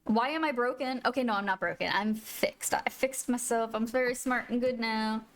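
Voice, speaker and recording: A woman's voice: fairly high pitch, moderate pace. A woman live-streaming a video game, chatting casually with viewers and gushing over her pets. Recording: faint music behind.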